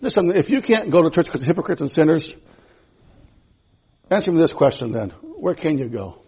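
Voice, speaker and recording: A man preaching a sermon in a church, impassioned and repetitive, swinging from loud to hushed. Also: a little high, very animated, brisk, slightly rough. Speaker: pastor.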